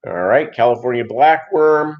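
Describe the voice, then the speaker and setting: A man's voice: mid-range voice, animated, normal speed. A man hosting a fish-keeping channel, chatting casually and rambling with many fillers on a live stream. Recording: dull lo-fi sound.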